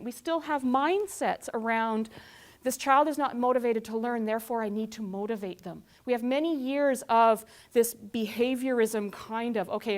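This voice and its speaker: A woman in her forties giving a lively, conversational talk, asking the audience questions and acting out scenes. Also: on the high side. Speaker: conference speaker.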